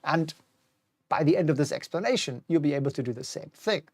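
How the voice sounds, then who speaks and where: A man's voice: on the high side, lively intonation, brisk, a little mellow, husky, dry recording. A middle-aged man hosting a live-streamed stock market talk, chatty and wry, reading out viewer comments as he goes. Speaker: host.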